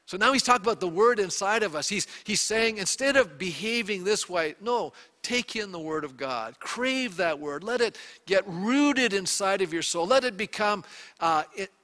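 A man's voice: high voice, animated, normal speed, bright, forceful tone, big-room sound. A male pastor preaching a sermon in a conversational way, putting rhetorical questions to the congregation.

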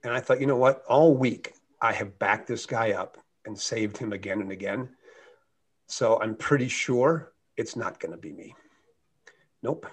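Husky-voiced American man telling a story. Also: fairly low pitch, measured pace. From United States. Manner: earnest, animated anecdote with shifting loudness. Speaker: guest speaker. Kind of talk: motivational storytelling.

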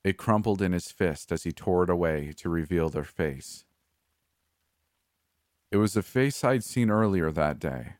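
A man reading a first-person story aloud in steady, measured narration. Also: deep voice, no room sound, studio quality.

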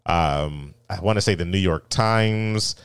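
A man's voice: deep voice, slow pace, smooth, no echo. A man co-hosting a podcast, chatting casually and reading out an article with a laid-back, rambling manner. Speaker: podcast co-host. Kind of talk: casual chat.

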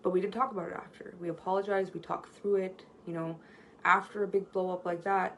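A woman's voice: lowish voice, little pitch movement, brisk, creaky, fairly bright tone, slight background noise, poor audio. A woman giving a conversational seminar on communication, telling stories earnestly from home and often checking in with "right?". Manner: earnest, storytelling, frequent "right?" tag questions. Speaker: workshop presenter on communication. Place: at home near a street.

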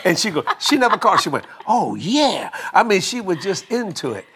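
Lively older man telling a story. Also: sits high, a little fast, breathy edge. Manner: animated, laughing storyteller who acts out dialogue. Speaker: guest telling a marriage story. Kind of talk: casual storytelling chat.

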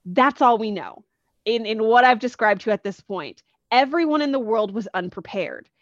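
Her voice is medium in pitch as she retells a comic book story for a podcast in a casual, high-energy way, acting out the characters' lines. The sound is lo-fi with no room sound.

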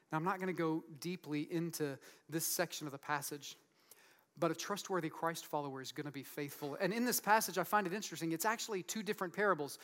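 A man preaching a sermon in an earnest, conversational way, asking the congregation frequent rhetorical questions and dropping to a soft voice for emphasis. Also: fairly high pitch, quick pace. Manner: drops to a soft, quiet voice for emphasis. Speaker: pastor.

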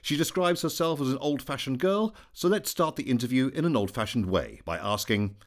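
A man's voice: medium pitch, animated, fairly quick. A man hosting a podcast, reading a scripted introduction with a playful, wry delivery. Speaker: podcast host.

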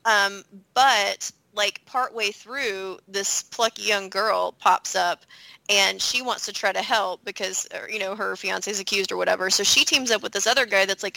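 A woman's voice: mid-range voice, creaky, pushed and bright, no room sound, rough recording. A woman co-hosting a podcast, talking through a theory in a rambling, self-correcting way. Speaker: podcast co-host. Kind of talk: casual discussion.

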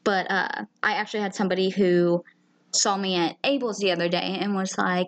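A woman's voice: medium pitch, fairly even intonation, fairly quick. Candid, foul-mouthed woman podcast host. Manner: candid and emotional, swears freely. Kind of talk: casual chat.

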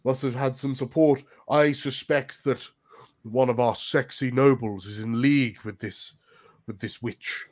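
A man voicing a solemn male palace chef in a tabletop game, speaking in a halting, formal way. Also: medium pitch, fairly even intonation, close to an everyday voice. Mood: grave.

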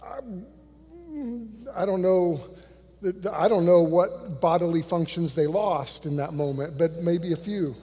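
A male pastor preaching a sermon, animated and conversational, swinging from loud bursts to hushed lines and acting out quotes in a church. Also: a little high, unhurried, breathy edge, in a large hall. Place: church sanctuary.

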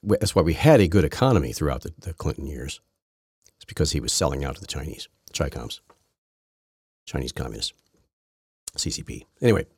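Low raspy guy ranting on his podcast, sarcastic, bouncy pitch, dry close sound. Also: sing-song, fairly quick, pauses often, a little mellow, dry recording. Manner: rambling, sarcastic, frequent restarts. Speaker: podcast host. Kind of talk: casual political commentary.

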